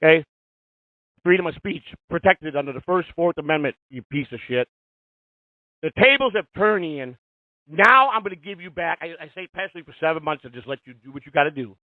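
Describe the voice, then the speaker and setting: A man's voice: a little high, lively intonation, brisk, no echo. A man in his fifties hosting a live call-in radio show, ranting in a profane, heated, confrontational way. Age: 50s. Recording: tinny phone-like, dry sound.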